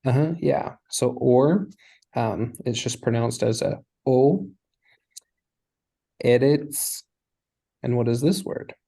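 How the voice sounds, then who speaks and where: A man's voice: medium pitch, slow pace, gravelly, warm tone, slightly rough, low-quality recording. A man teaching a Hebrew lesson, explaining patiently step by step. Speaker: language teacher.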